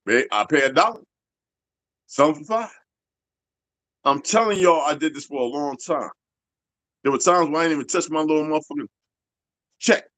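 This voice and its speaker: The recording is dry, and the man's voice leans high and a bit bright, moving at a normal speed with long pauses. In his fifties, he delivers a blunt, streetwise, profanity-laden rant to his viewers that rambles and slips into asides.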